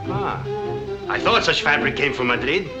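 An actor playing a vain, greedy colonial dictator in a 1940s film, with a mocking, scoffing manner. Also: male voice, on the high side, lively intonation, moderate pace, lightly acted. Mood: sneering. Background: film score music.

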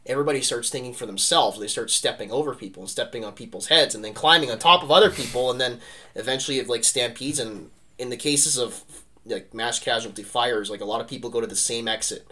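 A man with a mid-range voice co-hosts a podcast, talking history casually in an animated, rambling way and peppering his speech with "like" and "right?".

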